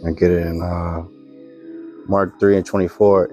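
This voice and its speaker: Deep male voice, laid-back preacher talk on viral clips, says man a lot, quiet music under it. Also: level tone. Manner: casual, drawn-out remarks ending in "man". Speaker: preacher commenting on videos. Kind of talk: religious video commentary.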